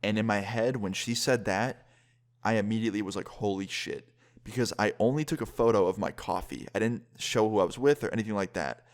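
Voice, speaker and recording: A young man casually telling a personal story as a vlogger, lively and quick, with some swearing. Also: fairly low pitch. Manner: lively, fast-paced retelling with swearing.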